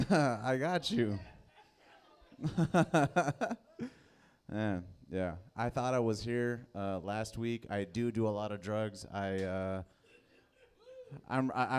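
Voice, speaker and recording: A man's voice: lowish voice, takes it slowly, pauses often, darkish tone, smooth. A man doing a laid-back, self-mocking stand-up set in a bar, giggling between jokes. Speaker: stand-up comic. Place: comedy bar, live audience.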